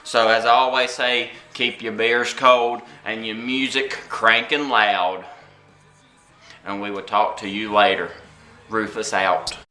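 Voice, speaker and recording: A man's voice: on the low side, fairly even intonation, bright, forceful tone, faint music behind. Boastful man in an echoey room. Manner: boastful, brash, with drawn-out pauses. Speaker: comedic vlogger. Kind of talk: comedic monologue to camera.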